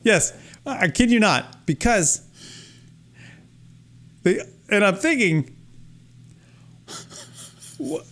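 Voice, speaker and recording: Animated man ranting on a podcast. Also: high voice, extremely slow, long pauses. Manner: animated storyteller, mock-exasperated rants. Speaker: podcast co-host. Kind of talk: casual chat. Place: Florida.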